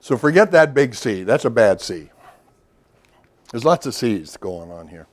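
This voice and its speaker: A man's voice: mid-range voice, very animated, measured pace. A middle-aged man giving a workshop lecture in a loose, storytelling way, with asides and questions to the audience. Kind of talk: recorded lecture to a professional audience.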